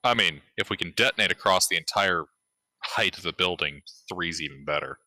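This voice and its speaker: A man's voice: low voice, brisk, bright, forceful tone, no echo, poor audio. A man playing a tabletop game on a live stream, blunt and joking. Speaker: player.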